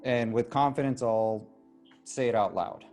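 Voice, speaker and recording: A man playing a tabletop game, stating his character's actions in a relaxed, joking way. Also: mid-range voice, a little slow, soft background music. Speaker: player. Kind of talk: casual tabletop game play.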